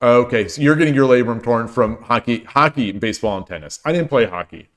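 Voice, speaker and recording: A man's voice: mid-range voice, lively intonation, fairly quick. A man in his forties, tired, chatting casually with viewers on his stream, rambling with many restarts and joking at his own expense. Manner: rambling, with frequent restarts and self-deprecating jokes. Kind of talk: casual chat while streaming games.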